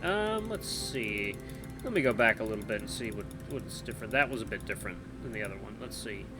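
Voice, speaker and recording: A man reading and playing a story game aloud, expressive and thinking aloud between choices. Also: on the low side, fairly quick, over music. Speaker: gameplay narrator.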